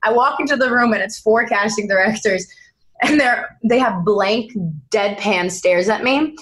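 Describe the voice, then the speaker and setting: A young woman, an actress being interviewed, telling dramatic anecdotes in a lively, animated way. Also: fairly high pitch, normal speed. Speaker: actress guest.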